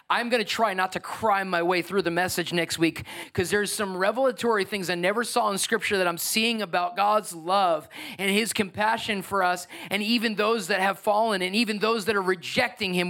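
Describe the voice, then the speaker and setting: Man, pastor, sermon, high voice, emphatic, conversational preaching. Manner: emphatic, conversational preaching with swings from soft to loud.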